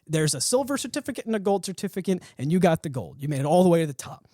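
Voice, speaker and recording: A man hosting a podcast, telling a story with animated energy, swearing and laughing. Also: sits high, rapid-fire, no room sound, studio quality. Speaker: podcast host. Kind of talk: casual chat.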